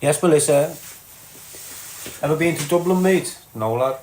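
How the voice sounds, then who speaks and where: A man's voice: a little high, moderate pace, darkish tone, a little hiss or hum. A man with a Liverpool accent, chatting casually on a livestream, greeting viewers and reading out their comments, blunt and sweary, calling people lad and mate. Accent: Liverpool (Scouse). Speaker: live streamer.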